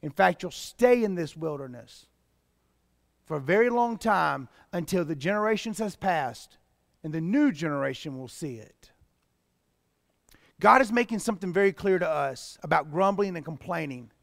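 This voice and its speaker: A man's voice: fairly high pitch, lively intonation, moderate pace, creaky, a bit bright, no room sound, clean studio sound, big-room sound. A man preaching a sermon, reading scripture and dramatizing it with rising intensity. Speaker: pastor.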